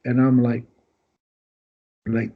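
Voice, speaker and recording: A man's voice: medium pitch, completely flat delivery, takes it slowly. A man guesting on a podcast who tells rambling anecdotes in casual storytelling style, acting out other people's lines as he goes. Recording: dull lo-fi podcast audio.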